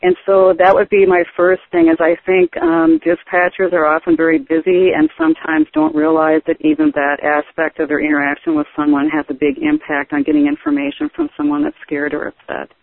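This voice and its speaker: A woman with a Wisconsin accent, a 911 dispatcher, speaking calmly and evenly in a webinar. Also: sits low, vocal fry, dry recording. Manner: calm, even, measured. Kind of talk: webinar talk. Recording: dry, phone-like call audio.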